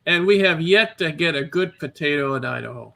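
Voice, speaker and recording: High gravelly guy on a video call, easygoing and jokey. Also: animated, fairly quick, sharp tone. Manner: easygoing, joking, backchannels a lot. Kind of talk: casual chat.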